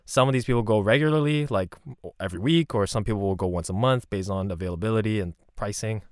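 Rambling, low-voiced man talking casually. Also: fast, dry recording, studio quality. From Canada. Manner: rambling and conversational, with frequent restarts and asides. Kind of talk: casual monologue.

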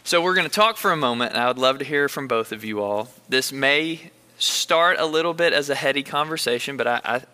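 A man from Kentucky guiding a Bible study conversation in a bright, clear, smooth voice. He speaks in an earnest, unhurried way, thinking aloud as he invites the others in. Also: medium pitch. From Bullitt County, Kentucky. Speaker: host leading a Bible study discussion.

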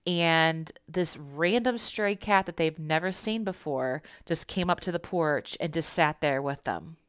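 A woman's voice: low-pitched, measured pace, fairly bright tone, clear, resonant tone, dry recording, clean studio sound. A young woman telling a personal story and teaching about spiritual signs in an earnest, reassuring, conversational way.

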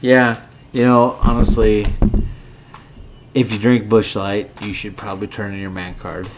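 A man's voice: lowish voice, level tone, unhurried, noisy background. A drunk man hosting a podcast, rambling and swearing as he bickers with a co-host. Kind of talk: casual drunken rant.

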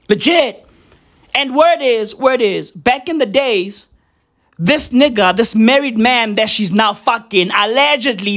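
Man, very high voice, swooping intonation, excitable profane rant, bursts of shouting. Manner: excitable, rambling, breaks into shouts.

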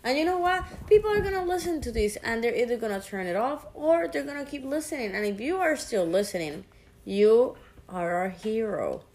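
A woman's voice: a little high, animated, fairly quick, a little mellow. A woman with a Hispanic accent and a sore throat, co-hosting a casual podcast with her girlfriend, talkative and teasing. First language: Spanish. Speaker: podcast co-host. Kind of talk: casual chat.

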